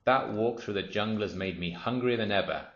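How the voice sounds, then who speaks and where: A man's voice: lowish voice, a little fast, close to an everyday voice. A man doing a sly, gloating crocodile. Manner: sly, boastful, relishing. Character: gloating greedy male crocodile. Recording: roomy, dull lo-fi.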